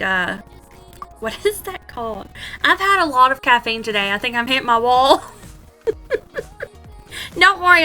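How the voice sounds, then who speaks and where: Bright giggly woman chatting over music. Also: on the high side. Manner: chatty, giggly, self-mocking. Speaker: vlogger. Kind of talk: casual voice-over chat.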